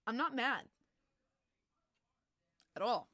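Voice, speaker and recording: A young woman hosting a casual hockey podcast livestream, chatty and full of "like", breaking into loud disbelief at times, on a desk mic at home. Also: a little high, expressive, takes it slowly, no room sound, clean studio sound. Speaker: podcast host. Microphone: desk mic, adjusting gain.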